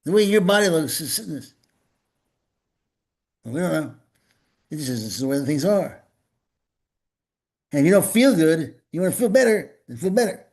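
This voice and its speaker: A man's voice: on the high side, lively intonation, normal speed, long pauses, darkish tone. Rambling, folksy male preacher. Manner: rambling, repeats words, folksy and joking. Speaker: minister leading a spiritual gathering. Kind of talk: informal spoken sermon.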